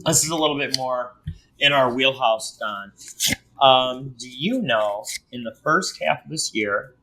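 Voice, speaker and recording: A man's voice: mid-range voice, a little slow, bright, forceful tone, rough recording. A man hosting a casual podcast, joking and rambling as he teases his co-host.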